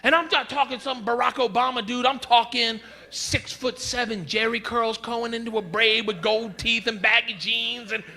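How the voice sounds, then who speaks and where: A man doing his pushy friend, loud and high. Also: fairly even intonation, moderate pace, creaky, exaggerated voice. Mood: insistent. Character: blunt male friend lecturing on race. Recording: noisy live stage recording.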